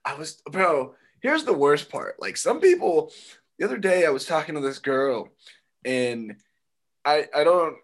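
A young man co-hosting a casual chat, laid-back and joking, laughing often. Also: a little high. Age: young adult. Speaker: podcast co-host and stand-up comic.

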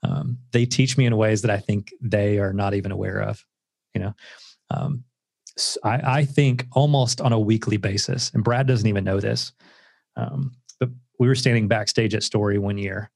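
Gravelly low earnest man. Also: steady tone, moderate pace, a little mellow, dry recording, clean studio sound. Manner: earnest and reflective, with many filler words. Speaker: guest author. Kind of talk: casual interview storytelling.

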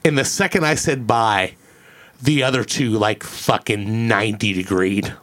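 A man's voice: fairly low pitch, measured pace, fairly bright tone. A man, telling a long story on a casual podcast, rambling, swearing and repeating his words. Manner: rambling, profane, repeats words, acts out quoted voices.

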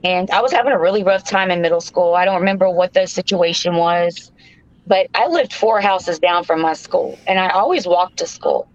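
A woman's voice: lowish voice, normal speed, no room sound, highs cut off. A woman, chatting on a podcast and telling a personal story, with lots of stammers and restarts. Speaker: podcast co-host, paranormal investigator. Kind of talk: casual podcast chat and storytelling.

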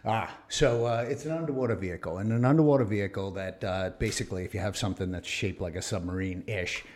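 A man's voice: lowish voice, fast. A man in his fifties, a retired Navy officer as the guest in a casual interview, telling stories and acting out the voices of people he quotes. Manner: animated storyteller acting out quoted exchanges.

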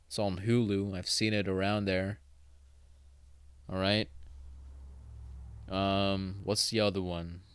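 A man's voice: low voice, flat delivery, slow pace, long pauses, clean tone, dry recording. A man hosting a solo podcast, rambling casually with swearing and self-corrections, having just woken up. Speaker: podcast host.

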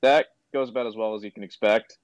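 A man's voice: fairly low pitch, steady tone, fast, no echo. A man hosting a review podcast, recapping an episode in casual chat, rambling with plenty of "um" and "like". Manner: rambling, full of "um" and "like".

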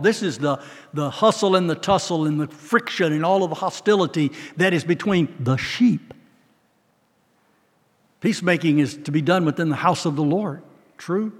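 A man preaching a sermon, reading scripture aloud with slow, emphatic pauses. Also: on the high side, slightly rough, in a large hall.

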